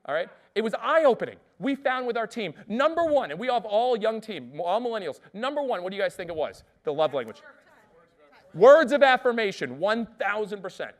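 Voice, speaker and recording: Fast-talking, upbeat male keynote speaker. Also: sits high. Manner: lively, asks the audience questions. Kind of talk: energetic storytelling keynote speech.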